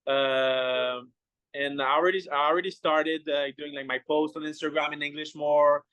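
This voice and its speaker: French-Canadian chef, higher pitch. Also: male voice, steady tone, fairly bright tone, smooth, no room sound, dull audio. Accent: Québécois French. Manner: halting, many restarts and fillers. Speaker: chef guest. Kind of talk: casual interview.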